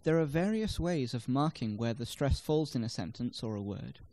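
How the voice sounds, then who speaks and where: In a medium-pitched, darkish voice with lively intonation, a man narrates a scripted language lesson. He explains carefully and models word stress in sample sentences.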